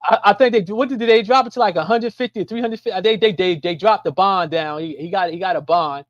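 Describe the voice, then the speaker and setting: A man's voice: high-pitched, quick pace, dry recording. A man in casual political chat on a call-in show, rambling with many restarts and loose slang. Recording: muffled lo-fi call audio.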